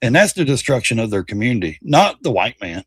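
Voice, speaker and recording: A man's voice: medium pitch, sing-song, brisk, slight background noise. A man hosting a livestream, ranting in a heated, profane and mocking way. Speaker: livestream host. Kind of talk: casual political rant.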